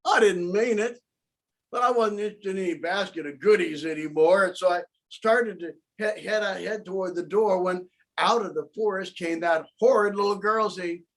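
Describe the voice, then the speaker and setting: A man tells the story as the wolf, first person, over a video call, his high voice moving at normal speed. He sounds put-upon and aggrieved, and he gives the characters lively voices.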